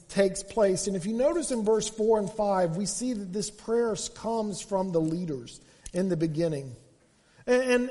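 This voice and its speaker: A man's voice: sits high, a little mellow, long reverb tail. A pastor preaching a sermon, often repeating his opening words as he starts a sentence.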